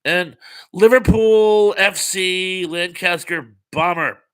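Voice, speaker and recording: A man in his fifties hosts a relaxed live chat, reading viewer comments aloud and riffing on them. His voice is bright and a little higher than most men's, and his talk is loose and full of fillers. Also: takes it slowly, smooth. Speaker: host.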